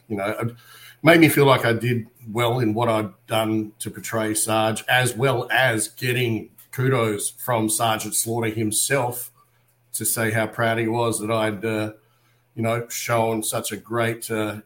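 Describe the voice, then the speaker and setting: Lower-voiced Australian man telling lively stories. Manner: animated storyteller, acts out other people's lines. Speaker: guest, wrestler and actor. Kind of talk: casual interview chat.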